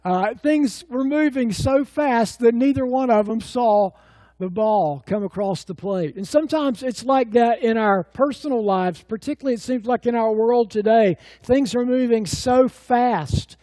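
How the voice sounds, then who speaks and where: A middle-aged pastor preaches with a high, mellow voice. He tells stories in a folksy, rambling way, full of fillers and restarts. The sound is close and dry. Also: measured pace, no room sound. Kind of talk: sermon.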